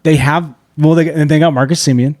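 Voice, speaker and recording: A middle-aged man co-hosting a podcast, in loose, profane banter full of quick laughs. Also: on the high side, fairly even intonation, a little mellow, no room sound, clean studio sound. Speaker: podcast co-host. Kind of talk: casual chat. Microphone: podcast mic.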